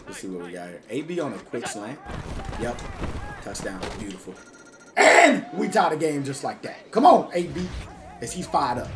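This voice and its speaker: Hyped gaming man with a fairly high voice. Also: very animated, moderate pace, background noise. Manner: hyped, talks to viewers as y'all, slangy. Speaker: gaming YouTuber. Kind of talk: casual game commentary.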